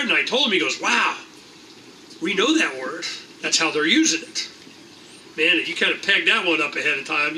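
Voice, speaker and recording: A man's voice: a little high, sharp tone. A middle-aged man hosting a meeting, talking in a rambling, irreverent way with casual swearing. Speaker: host of a liberty meeting. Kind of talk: animated casual talk to a room. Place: meeting room. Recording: distant mic in a room, faint noise.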